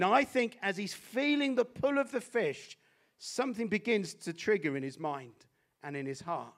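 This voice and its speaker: Male preacher, high voice, animated sermon, loud peaks and hushed drops. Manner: animated, swings from loud exclamations to hushed intensity. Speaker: guest preacher.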